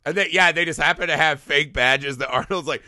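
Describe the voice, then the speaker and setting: A podcast co-host riffs on a movie for a casual comedy show, swearing freely, mocking the plot, and putting on mocking voices for quotes. His voice is a little high and sharp, he talks fairly quickly, and the studio recording is clean with no echo.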